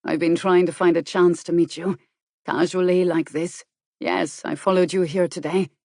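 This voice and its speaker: A quiet, earnest man who speaks gently as a woman narrator voices him. The voice is fairly low and the recording is close and dry, with no room around it. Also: flat delivery, moderate pace, creaky, no echo. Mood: gentle. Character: gentle, earnest middle-aged man returned from prison. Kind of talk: audiobook character voice.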